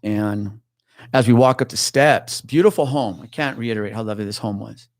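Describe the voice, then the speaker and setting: A man's voice: on the low side, moderate pace, dry recording, clean studio sound. A middle-aged man, a retired police officer, casually telling a tense story in an interview, swearing and acting out the voices of the people in it. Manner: animated, swearing, acts out quoted voices.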